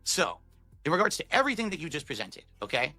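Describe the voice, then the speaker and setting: Brief: male debate guest, rapid talk, bright forceful tone, faint music under. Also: fairly high pitch, big pitch swings. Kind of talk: heated debate.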